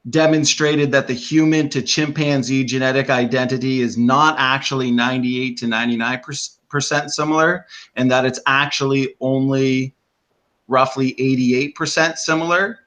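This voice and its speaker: A man's voice: mid-range voice, fairly bright tone, highs cut off. A man moderating a debate, reading out audience questions with many hesitant ums.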